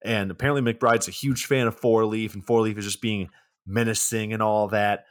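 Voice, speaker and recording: A man's voice: fairly low pitch, fairly even intonation, normal speed. A man in his twenties co-hosting a podcast, casually recapping a film's plot with plenty of swearing and filler words. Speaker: podcast co-host.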